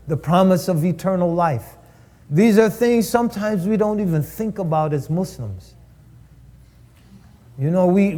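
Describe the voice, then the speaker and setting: High-voiced man delivering a preaching lecture. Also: dark tone. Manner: rhetorical, repeats phrases for emphasis. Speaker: speaker at a live-streamed cultural event.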